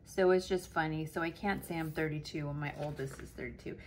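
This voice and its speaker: A woman's voice: deep voice, fairly quick, a little mellow, slight background noise. A woman in her late forties, chatting casually and laughing at herself while she works on her planner. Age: 40s. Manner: chatty, giggly, self-mocking storytelling. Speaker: planner vlogger.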